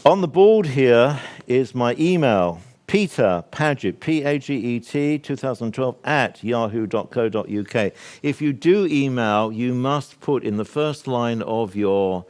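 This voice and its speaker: A man's voice: medium pitch, expressive, unhurried, hardly any pauses, darkish tone. An older British man giving a public talk to a live audience, assertive and discursive, with many fillers and asides. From Britain. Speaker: speaker at a workshop.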